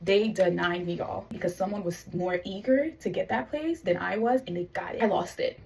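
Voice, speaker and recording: Animated young woman telling a faith testimony. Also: mid-range voice, normal speed, creaky, far from the mic, a little hiss or hum, rough recording. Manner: animated storytelling, quoting God and others in lively voices. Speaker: vlogger sharing testimony.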